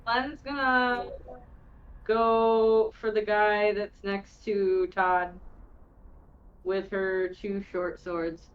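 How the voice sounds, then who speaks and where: A woman playing a tabletop game, asking tentative questions in an unhurried way. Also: medium pitch, level tone, dull audio. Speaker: player. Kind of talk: casual tabletop game talk.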